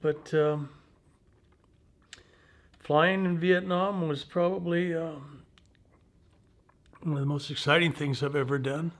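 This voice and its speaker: Older man, folksy halting veteran storyteller. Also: fairly high pitch, fairly even intonation. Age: 70s. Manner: unhurried, halting, folksy "I says" phrasing. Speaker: veteran interviewee. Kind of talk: personal war storytelling interview.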